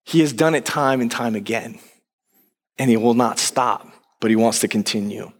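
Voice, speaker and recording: Guy pastor giving a sermon, chatty and animated, big echoey church hall. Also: medium pitch, moderate pace. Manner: conversational, animated retelling with quoted lines. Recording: long reverb of a large hall.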